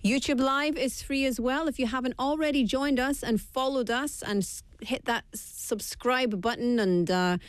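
A woman's voice: high-pitched, moderate pace, few pauses, clean tone, no echo. A woman hosting a live radio show, chatty and playful, joking at her own expense, speaking into a studio microphone. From Scotland. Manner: chatty, playful, self-mocking. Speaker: radio host.

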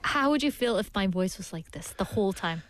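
A woman hosting a casual chat show, playful and quick to giggle. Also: mid-range voice, animated, no room sound. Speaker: show host.

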